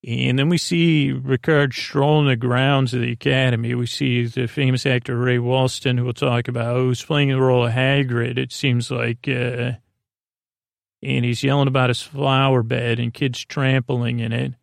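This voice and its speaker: Flat, gravelly-voiced man rambling. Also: mid-range voice, normal speed, no room sound, studio quality. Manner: rambling, self-correcting, offhand. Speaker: podcast host. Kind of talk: casual episode recap for a sleep podcast.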